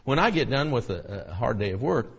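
A middle-aged male preacher giving a sermon, swinging between hushed near-whispers and loud shouted preaching. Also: mid-range voice, sing-song, a little fast, vocal fry, slightly rough. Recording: dull lo-fi recording with long hall reverb.

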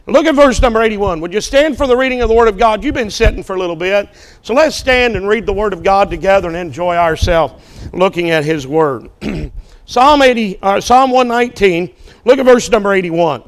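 A male preacher with a high, smooth voice, preaching at a church service. He talks in a folksy, joking way and keeps checking in with the congregation. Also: a little fast. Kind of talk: sermon with a told joke.

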